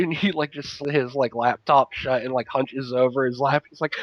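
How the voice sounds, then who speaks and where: A man's voice: medium pitch, moderate pace, fairly bright tone, muffled recording. A man on a casual comedy podcast, laughing through his storytelling.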